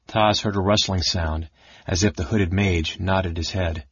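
A man reading an audiobook in a steady storytelling manner. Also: low voice, unhurried, slightly rough, dry recording. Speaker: audiobook narrator. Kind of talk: scripted narration. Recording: dull lo-fi dry recording.

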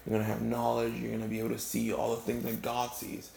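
A man voicing a smooth-talking male cat who tempts people, pushy and dismissive. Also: medium pitch, completely flat delivery, fast talker, a little mellow, echoey room, a little hiss or hum.

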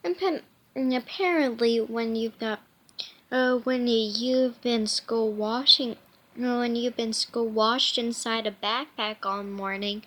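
A woman's voice: a little high, fairly even intonation, slow, fairly bright tone. A woman reading a children's novel aloud, with many false starts and self-corrections.

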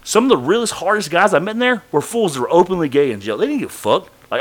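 This man's voice is high and fast as he casually tells a story on a podcast. Cursing without restraint, he performs the quoted voices of other people in a lively, profane way.

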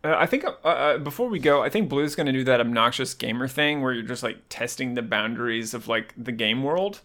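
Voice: medium pitch, lively intonation, a little fast, a bit bright. A player in a tabletop game who rambles and giggles while talking.

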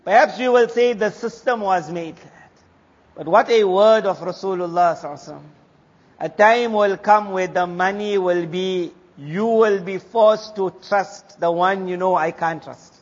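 A man's voice: high voice, moderate pace. A man giving an Islamic sermon, asking rhetorical questions and answering them himself. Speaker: Islamic teacher. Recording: reverberant lo-fi hall recording.

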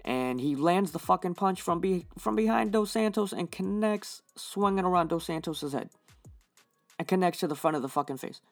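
A man's voice: high voice, animated, normal speed, no room sound, faint music behind. Heated, profane man reviewing fights. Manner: heated, swears constantly, rambling fillers. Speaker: fight podcast host.

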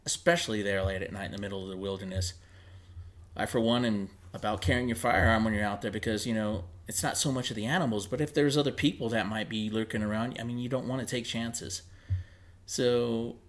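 A man with a somewhat low voice recounts an eerie experience in a relaxed, conversational way. He fills his story with casual fillers and acts out the lines of the people in it. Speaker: paranormal investigator recounting a story.

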